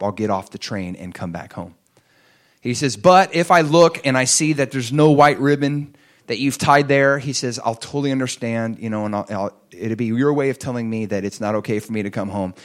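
Man preaching a sermon story. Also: fairly low pitch. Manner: acts out quoted voices, swings between hushed and raised. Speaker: pastor.

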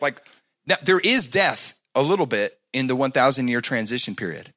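A man preaching a sermon, moving from loud, emphatic passages to soft, hushed asides and asking the congregation to answer back. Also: medium pitch, expressive, moderate pace. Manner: talks to the congregation, asks them to answer back. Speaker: pastor.

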